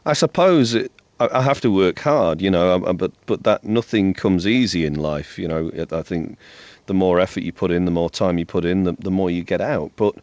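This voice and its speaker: A man's voice: sits low, brisk, darkish tone, dry recording, lo-fi sound. A male singer, a guest in an interview, talking casually with a self-deprecating manner and frequent restarts.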